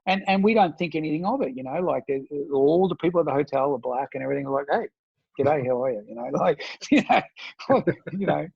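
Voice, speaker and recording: A man with an Australian accent, a former soldier, telling stories in a casual interview and jumping into higher mock-friendly voices when he quotes people. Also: fast talker, vocal fry, husky, no room sound, dull audio. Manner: animated storyteller, slips into high mock-friendly voices when quoting.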